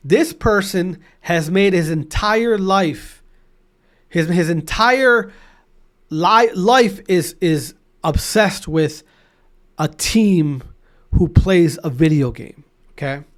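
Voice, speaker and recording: Guy going off on his podcast, kinda high voice, keeps repeating himself. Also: slow pace. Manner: animated, repetitive ranting with many restarts. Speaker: podcast host. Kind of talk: solo podcast rant.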